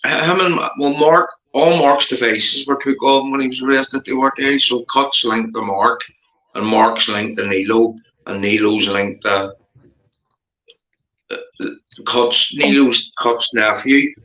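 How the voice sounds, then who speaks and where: A man with a Belfast accent rambles through a casual live-stream chat, swearing freely and laughing often. His voice is bright and forceful. The sound is roomy and dull, like a lo-fi stream recording. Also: medium pitch, takes it slowly.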